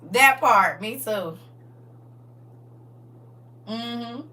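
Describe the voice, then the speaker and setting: A woman's voice: fairly high pitch, animated, drawn-out words, bright, forceful tone, recorded from a distance. Lady running a bible study stream, reads scripture then preaches to the chat, sits back from the mic. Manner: casual, preachy, talks to her viewers directly. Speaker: Bible class teacher. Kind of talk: livestreamed Bible study class.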